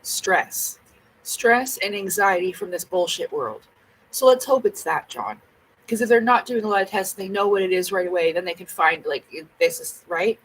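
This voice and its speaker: A woman's voice: mid-range voice, animated, normal speed, fairly bright tone, a little hiss or hum, low-quality recording. A woman chatting casually to camera at home, blunt and rambling, with plenty of swearing. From Canada. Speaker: vlogger.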